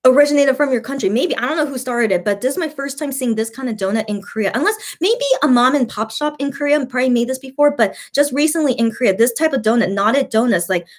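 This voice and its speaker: A bubbly young woman talks her way through a home mukbang live stream, chatty and loose with lots of fillers. Her voice sits a little high, and she reads her viewers' comments aloud between bites. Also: expressive, quick pace, few pauses. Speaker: mukbang vlogger. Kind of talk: casual live-stream chat.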